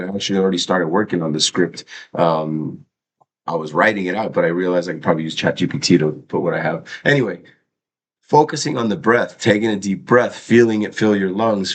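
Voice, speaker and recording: A middle-aged man with a very low voice hosts a laid-back livestream. He chats loosely with viewers and slides into explaining an art and mindfulness exercise, dropping the odd curse word. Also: low-quality recording. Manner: chatty, loose, swears casually. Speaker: livestream host and art teacher. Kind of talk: casual livestream chat and art lesson.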